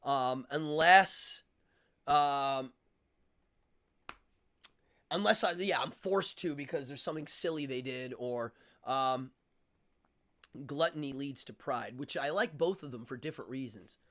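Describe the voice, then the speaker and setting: Male streamer, casual and opinionated, slightly higher voice, rambling delivery. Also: fairly bright tone. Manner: rambling, opinionated, with frequent fillers and restarts. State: out of breath. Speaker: livestream host. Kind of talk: casual livestream chat.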